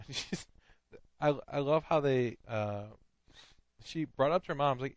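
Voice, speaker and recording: A man co-hosting a comedy podcast in casual chat, laughing often and getting excited. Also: on the high side, moderate pace, pauses often, dry recording. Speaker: podcast co-host.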